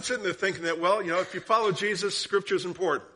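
A man preaching a sermon as guest speaker, telling a story and asking the listeners questions, sometimes dropping to a hushed tone and sometimes rising. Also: high-pitched, fast talker, few pauses. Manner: drops to hushed tones for story, rises for questions.

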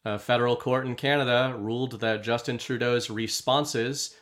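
A man's voice: mid-range voice, fairly even intonation, moderate pace, fairly bright tone. A man co-hosting a casual podcast, reading out viewer messages in an easygoing way. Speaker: podcast co-host.

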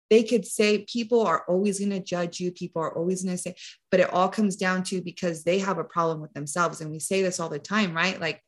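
A woman's voice: fairly low pitch, steady tone, brisk. A woman hosting a podcast who talks in an earnest, emotional and emphatic way. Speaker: podcast host. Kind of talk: casual podcast conversation.

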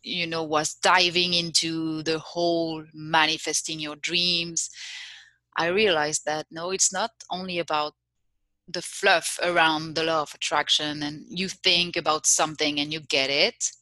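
Woman guest coach, low but bright voice, explaining calmly. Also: unhurried, no room sound. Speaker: mindset and manifestation coach, guest. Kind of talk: podcast interview.

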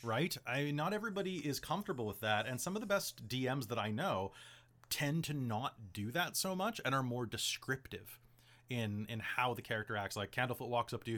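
A man in casual podcast talk, rambling through game-master advice with plenty of "like" and "um". His pitch swings up and down as he talks. The voice sits at an ordinary middle pitch. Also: lively intonation, brisk, a bit bright. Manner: chatty, rambling, heavy use of "like" and "um".

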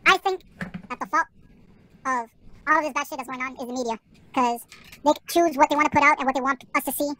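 A woman's voice: high-pitched, quick pace, pauses often. A woman co-hosting a podcast, arguing her point in casual chat. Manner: argumentative, reasoning out loud. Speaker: podcast co-host.

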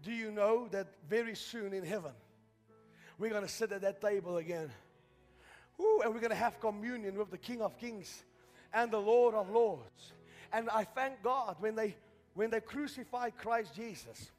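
A man preaching a sermon to a congregation, leading them in call-and-response and building to shouted fervor. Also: high-pitched, normal speed. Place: church hall. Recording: long church hall reverb with faint music.

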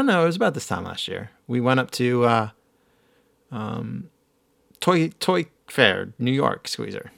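A man's voice: fairly low pitch, creaky, sharp tone, clear, resonant tone. A man hosting a casual podcast, chatting in a rambling, self-deprecating way. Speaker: podcast host. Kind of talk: casual chat.

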